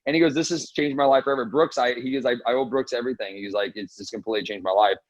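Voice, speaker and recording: A man's voice: medium pitch, fairly even intonation, rapid-fire, dry recording, poor audio. A man on a video call, telling stories enthusiastically as a guest. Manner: enthusiastic storyteller. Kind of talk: casual talk on a video call.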